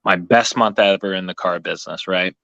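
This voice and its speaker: A man co-hosting a casual live chat, telling stories in an animated, profane way with lots of laughter. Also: low voice, fairly quick, gravelly, dry recording, highs cut off. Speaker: co-host.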